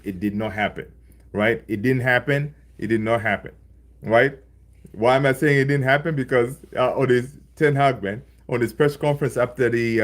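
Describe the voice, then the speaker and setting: A man hosting a casual football livestream, rambling and animated, packing his talk with fillers and "right?". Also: medium pitch. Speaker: football channel livestream host.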